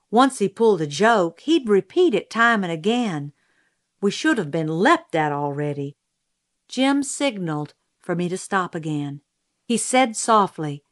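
A woman narrating an audiobook in a measured, steady storytelling manner. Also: mid-range voice.

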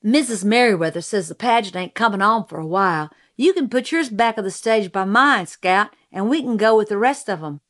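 A woman's voice: mid-range voice, fairly quick, few pauses, fairly bright tone, natural voice. A woman voicing a mischievous young boy who shrieks and teases in a storybook reading. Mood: chatty. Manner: shrieking, teasing.

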